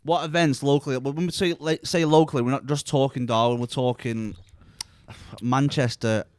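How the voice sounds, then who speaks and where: A man's voice: mid-range voice, fairly even intonation, normal speed, a little mellow, dry recording, clean studio sound. A man hosting a casual podcast, telling stories in sweary, laughing banter. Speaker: podcast host, event videographer.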